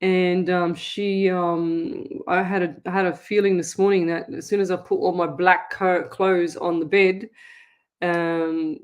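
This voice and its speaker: A woman's voice: lowish voice, level tone, measured pace. A woman hosting a live psychic call-in show, chatting easily, laughing often and reading out listeners' comments. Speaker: psychic medium radio host.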